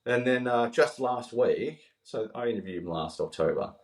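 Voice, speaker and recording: A man's voice: mid-range voice, animated, moderate pace, reverberant, recorded from a distance. A man, a podcast guest telling heartfelt stories in conversation. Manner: earnest, heartfelt, quoting others as he tells stories. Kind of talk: emotional storytelling in conversation.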